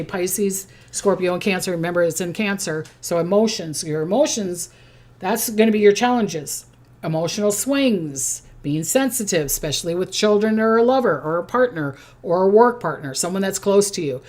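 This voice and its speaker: A woman's voice: medium pitch, darkish tone. A middle-aged woman giving a casual zodiac forecast, chatty and repetitive, often checking in with "okay?" and briefly mimicking people. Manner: chatty, repeats "okay?", acts out quick voices. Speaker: psychic doing zodiac forecasts. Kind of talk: casual spoken forecast to camera.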